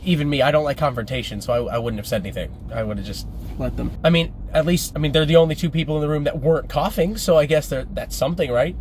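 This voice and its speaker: A chatty man recounts a story in casual vlog style, breaking into laughs as he talks. His voice sits a touch high, recorded in a car with a faint background hum. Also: fast, a little mellow. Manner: chatty, laughs while telling. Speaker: vlogger.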